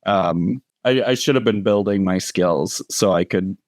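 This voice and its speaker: A man's voice: sits low, a little slow, darkish tone, dry recording, studio quality. A man co-hosting a casual podcast, joking with hesitant, stammering restarts. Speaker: podcast co-host.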